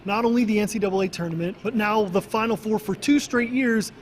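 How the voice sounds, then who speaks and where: A man's voice: high-pitched, fairly quick, a little hiss or hum. A man working as a sports anchor, chatting at the news desk and narrating a feature in an easygoing way.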